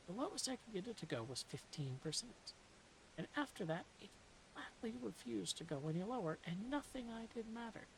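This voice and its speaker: A woman reading a novel aloud in a soft-spoken ASMR style, slipping into whispers now and then, with dry, deadpan humor. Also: on the low side, gravelly, slight background noise, poor audio. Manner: soft, dips into whispers at times.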